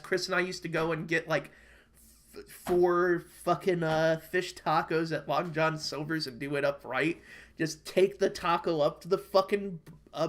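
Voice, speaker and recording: Through an online call microphone, a young American podcast co-host with a highish, fairly bright voice rants about bad food. The casual chat is rambling and full of swearing, his storytelling clearly worked up.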